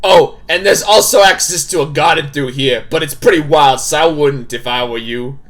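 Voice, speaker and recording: A man's voice: a little high, moderate pace, lightly acted. A man voicing a cold young woman who reluctantly hosts guests at an old estate, giving curt, matter-of-fact warnings as he reads game dialogue aloud.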